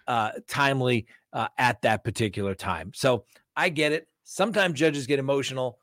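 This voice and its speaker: Animated male defense attorney, dry sound. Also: fairly high pitch, vocal fry, dry recording. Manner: animated storytelling, acting out courtroom exchanges. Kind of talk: casual chat answering viewer questions.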